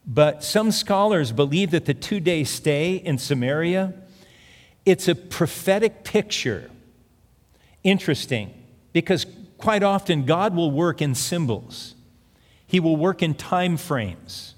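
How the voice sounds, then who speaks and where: A man's voice: a little high, animated, slow. A man preaching a sermon as pastor, earnest and conversational, reading scripture aloud between plain asides. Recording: long reverb of a large hall.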